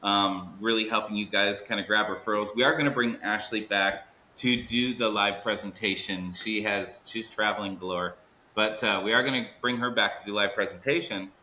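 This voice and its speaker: An upbeat man hosts a podcast, building excitement and leaning hard on key words. His voice is bright and forceful. The room around him rings with echo. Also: lowish voice, slight background noise. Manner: upbeat, hype-building, drawn-out emphasis. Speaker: podcast host. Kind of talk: energetic podcast chat.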